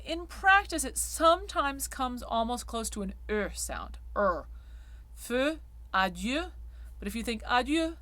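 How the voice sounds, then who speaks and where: A woman teaching sung diction, sounding out vowels and words slowly before explaining quickly. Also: fairly high pitch, a bit bright, dry recording. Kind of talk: spoken diction lesson.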